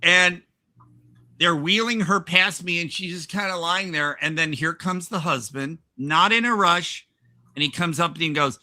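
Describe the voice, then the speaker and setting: A man's voice: sits high, big pitch swings, slow pace, pauses often, sharp tone. A man hosting a podcast, telling a rambling workplace anecdote in casual chat with frequent laughs and restarts. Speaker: podcast host.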